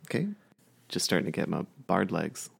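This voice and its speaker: Brief: deadpan joking player, gravelly and lively in pitch. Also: moderate pace, slight background noise. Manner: deadpan jokes, swears. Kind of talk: tabletop game play.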